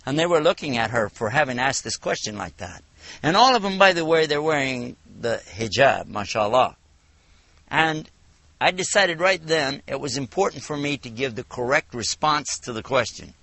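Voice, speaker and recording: A man from the United States giving a televised religious lecture, telling stories with animated, acted-out dialogue. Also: mid-range voice, moderate pace, creaky, no room sound. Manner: animated storytelling, acts out dialogue. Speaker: Islamic lecturer.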